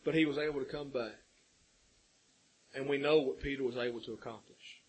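A man's voice: mid-range voice, steady tone, a little fast, husky, low-quality recording. A man preaching a sermon, earnest and building to emphatic peaks.

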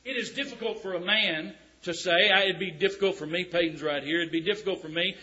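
Bright-voiced preacher, lo-fi sound. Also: male voice, sits high. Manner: emphatic, drawn-out scripture reading with folksy asides. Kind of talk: sermon. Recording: dull lo-fi recording.

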